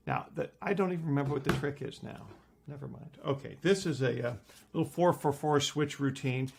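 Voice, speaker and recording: A middle-aged man lecturing on card magic, playfully acting out his patter with big jumps in pitch. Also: a little fast, gravelly, breathy edge.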